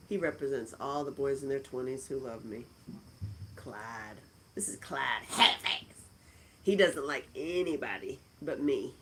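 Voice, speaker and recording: A woman's voice: very deep voice, lively intonation, unhurried, slight background noise, rough recording. A middle-aged woman hosting a casual live stream, chatting and laughing as she answers viewer comments from a friend's house. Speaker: livestream host.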